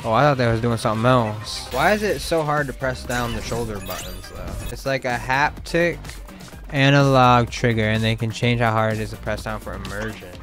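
A young man streaming a video game, reacting with slangy, excitable commentary and sudden loud outbursts. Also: medium pitch, moderate pace, music in the background. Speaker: gaming streamer. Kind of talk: let's play commentary.

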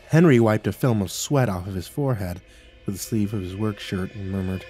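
A man reading a horror story aloud in a measured, ominous way. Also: fairly low pitch, warm tone, soft background music. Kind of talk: scripted horror narration.

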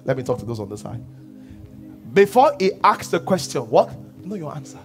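A Nigerian pastor with a high, bright voice preaches a sermon to his church. He poses questions and answers them, dropping to hushed asides and then rising to shouts, while faint music plays underneath. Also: very animated, fairly quick.

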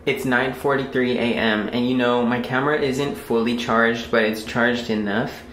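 A man's voice: mid-range voice, fairly even intonation, normal speed, a bit bright, slight background noise. A young man talking casually to his camera at home as a vlogger, rambling with lots of fillers. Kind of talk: casual vlog talk to camera. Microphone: camera mic. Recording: roomy camera audio.

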